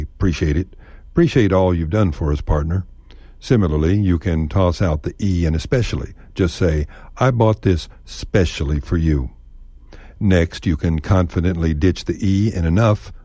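A man with a Texan accent telling scripted radio stories in a folksy, unhurried way. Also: low-pitched, mellow, dry recording. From Texas. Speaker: storyteller host.

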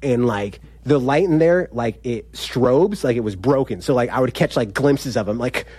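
A man's voice: mid-range voice, animated, moderate pace, dark tone, husky, dry recording. Casting: guy, loose chatty storyteller, lots of "like", dry close sound. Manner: rambling, filler-heavy with frequent laughs. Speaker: incarcerated storyteller. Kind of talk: casual first-person storytelling.

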